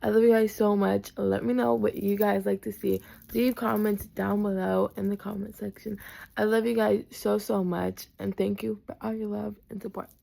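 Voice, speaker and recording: A teenage girl signing off her podcast with thanks to her viewers. Her voice is full of gravelly fry and stays flat in pitch. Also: normal speed. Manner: warm, thankful sign-off to viewers. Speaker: podcast host. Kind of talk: podcast outro sign-off.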